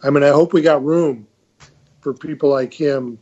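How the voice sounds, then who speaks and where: An older man, a retired officer on a radio panel, talking in a measured, hesitant way with many fillers. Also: fairly high pitch, fairly even intonation, mellow, muffled recording. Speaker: retired Marine colonel, panelist. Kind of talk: casual panel discussion.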